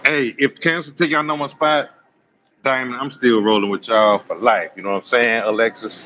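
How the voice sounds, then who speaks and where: A man hosts a casual live stream, teasing his viewers and wandering from one story to the next. His voice is bright and forceful. The audio is slightly dull and lo-fi, with faint room noise underneath. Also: medium pitch, fairly even intonation, normal speed. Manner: joking, teasing, rambling storyteller. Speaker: live-stream astrology host.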